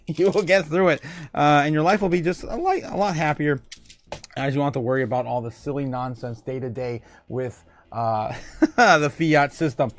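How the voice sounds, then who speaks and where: A man hosting a casual livestream, reading chat aloud, joking and laughing often between filler words. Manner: jokey and rambling, laughs often, many fillers; swings from muttering low to loud excited calls. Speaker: livestream host.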